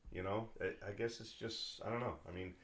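Rambling New England man, lowish voice. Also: steady tone, fairly quick, a bit bright. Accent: New England, Boston area. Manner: rambling, chatty, many fillers and restarts. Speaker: podcast host. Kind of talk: casual chat.

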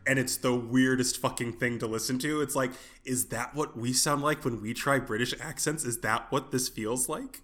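A man's voice: medium pitch, moderate pace, few pauses, fairly bright tone. A man co-hosting a podcast, talking in a rambling, casual way, restarting his sentences and swearing offhandedly. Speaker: podcast co-host.

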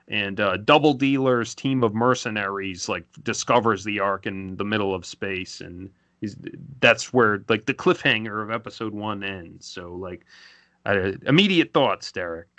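A man's voice: lowish voice, normal speed, a bit bright, dry recording. A man co-hosting a casual fan podcast, recapping the plot in a rambling way full of filler words. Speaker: podcast co-host.

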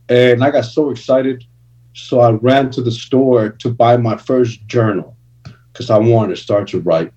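A man's voice: medium pitch, steady tone, unhurried, dark tone. A man giving a personal testimony as a guest minister, speaking in an earnest, conversational way with casual slang. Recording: distant, dull lo-fi recording.

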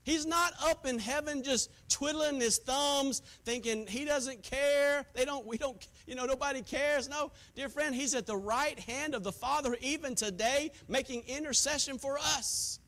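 A man pastor preaching a sermon, swinging from hushed asides to shouted points. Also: very high voice, moderate pace, hardly any pauses.

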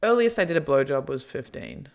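A woman's voice: sits low, lively intonation, a little fast, gravelly. A woman hosting a podcast in casual chat, blunt and joking, often laughing. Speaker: podcast host.

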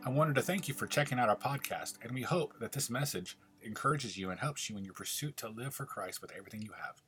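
A man's voice: medium pitch, expressive, fast talker, fairly bright tone, soft background music. A male pastor giving a friendly, direct welcome at the start of a podcast. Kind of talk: podcast intro.

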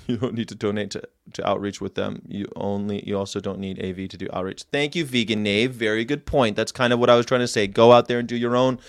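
A man's voice: on the low side, fairly even intonation, brisk, gravelly, no echo, clean studio sound. A man hosting a casual livestream, rambling and chatty as he reacts to viewer comments and tells history tidbits. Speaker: host.

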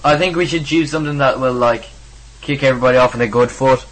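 A man's voice: medium pitch, fast talker, a bit bright, a little hiss or hum, rough recording. A teenage man with an Irish accent from Meath, co-hosting a casual bedroom podcast in a laid-back, filler-heavy way. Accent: Irish, from County Meath. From Ireland. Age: teens. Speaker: co-host. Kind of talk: casual amateur podcast chat. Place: home bedroom studio.

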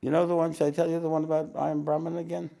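A man teaching a spiritual talk to an audience, unhurried, repeating his phrases and often clearing his throat. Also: fairly high pitch, flat delivery, dark tone.

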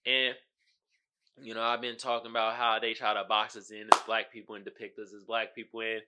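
A man's voice: on the low side, level tone, fairly quick, pushed and bright, clean tone. A man hosting his own podcast, talking casually in slangy commentary and often asking "you feel me.". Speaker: podcast host.

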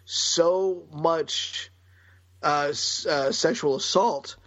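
A man's voice: a little high, extremely slow, dry recording. Joking man on a muffled mic. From United States. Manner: jokey, animated, laughs often. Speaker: podcast co-host. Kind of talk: casual chat about comics.

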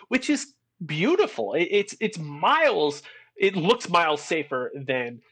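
A man co-hosting a podcast, excitedly retelling a film scene by scene in casual chat. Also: a little high, unhurried, breathy edge. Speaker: podcast co-host.

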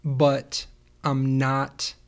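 A man hosting a casual conversation, talking in an animated, rambling way with playful asides. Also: medium pitch, very slow, clean tone. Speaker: podcast host.

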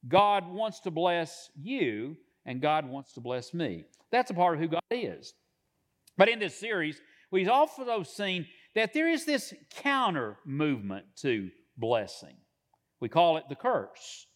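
A man pastor delivering a sermon from the pulpit, measured, slowing down to stress key words. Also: fairly high pitch, big pitch swings. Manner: measured preaching with drawn-out emphasis.

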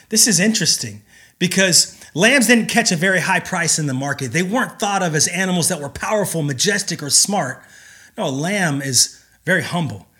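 Male pastor, slightly high, bright voice; earnest emphatic sermon delivery with pauses.

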